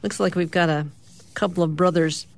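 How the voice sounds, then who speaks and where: A radio host reading the morning comic strips aloud in an easygoing way, pausing with small fillers as he describes each panel. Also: medium pitch, steady tone, creaky.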